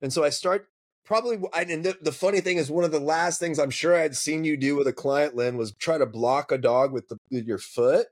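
A man with a fairly high voice, telling dog-training stories on a podcast. He talks casually, swears freely and acts out his anecdotes. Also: fairly quick. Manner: profane, storytelling, animated.

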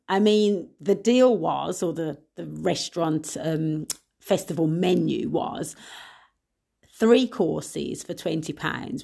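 A young woman chats on her own podcast in a loose, friendly way. She throws in playful asides and laughs often. Her voice sits a little low for a woman. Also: creaky, darkish tone, slightly rough. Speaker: podcast host. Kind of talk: casual solo podcast chat.

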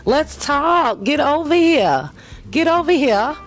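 A woman putting on a loud, high-pitched voice, hollering people over to come closer. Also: lively intonation, very slow, heavily acted.

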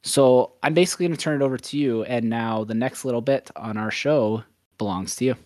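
A man's voice: medium pitch, fairly quick, darkish tone, no room sound, clean studio sound. A young man hosting a podcast in casual chat, rambling and upbeat, often correcting himself. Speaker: podcast host.

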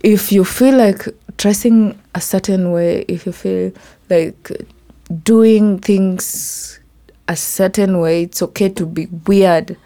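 A young woman with a Kenyan Kimeru accent hosts a solo podcast in a relaxed, chatty way. She talks slowly at a middle pitch. She mixes English and Swahili and now and then drops into a soft whisper. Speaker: podcast host. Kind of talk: casual solo podcast talk.

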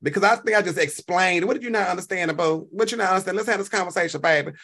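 A man, hosting a live stream and reacting to chat in an animated, profane, talk-back way. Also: high voice, quick pace. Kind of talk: casual live stream commentary.

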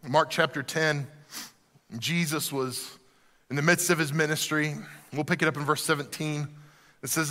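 Pastor, male, high bright voice, animated sermon delivery, church reverb. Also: normal speed, pauses often. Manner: animated preaching, dropping to soft emphasis. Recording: reverberant hall.

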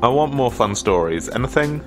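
A man's voice: medium pitch, animated, moderate pace, music in the background. A man hosting a casual radio show and reading the weather. He rambles with chatty, self-deprecating asides and sounds slightly stuffy from a cold.

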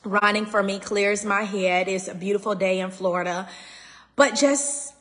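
A woman's voice: mid-range voice, fairly even intonation, normal speed, fairly bright tone, long reverb tail. A woman, hosting a faith talk, speaking in a raw way and close to tears. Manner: raw, tearful, holding back crying. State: near tears. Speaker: podcast host. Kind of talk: emotional faith talk to listeners.

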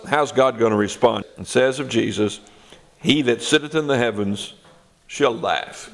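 Gravelly older man preaching scripture. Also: medium pitch, measured pace. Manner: expressive preaching, reads scripture aloud with rising emphasis. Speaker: Bible teacher. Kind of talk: sermon.

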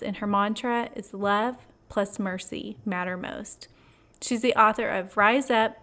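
A woman hosting a devotional podcast, reading her intro in an upbeat, chatty way with light laughs. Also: medium pitch. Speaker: podcast host.

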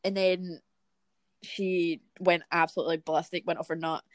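A young Scottish woman hosting a podcast, telling lively work stories in casual chat with plenty of swearing. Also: on the low side, moderate pace, dry recording. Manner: lively storytelling with frequent swearing. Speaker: podcast host.

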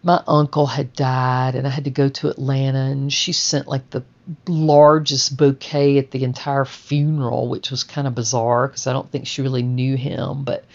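A woman's voice: a bass voice, little pitch movement, normal speed, a little mellow, muffled recording. A woman telling a personal memoir story in a rambling, conversational way, full of "and so" and "you know".

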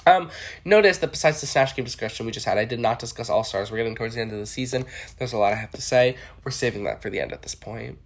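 A young adult host chatting solo in a campy, playful way. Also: male voice, medium pitch, lively intonation, slight background noise. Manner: chatty, campy, jumps into quick impressions. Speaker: podcast host. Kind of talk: casual solo chat with impressions.

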